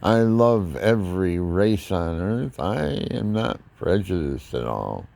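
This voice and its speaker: Older guy, deep gravelly voice, rambly preachy storytelling about faith. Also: sing-song, takes it slowly, darkish tone. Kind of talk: casual religious monologue.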